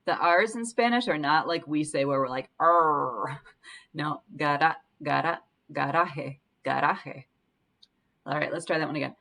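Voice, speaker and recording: A woman teaching Spanish pronunciation in a patient way, slowly repeating each word to demonstrate it. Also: low voice, fairly bright tone. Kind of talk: language lesson.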